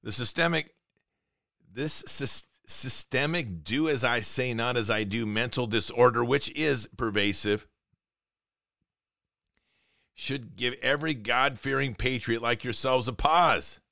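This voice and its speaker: An indignant man hosts a political commentary show, reading out news and breaking into sarcastic rants. His voice is bright and forceful, recorded dry and close with no room sound. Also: medium pitch, a little slow, creaky, dry recording. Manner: indignant, sarcastic, reads news items aloud.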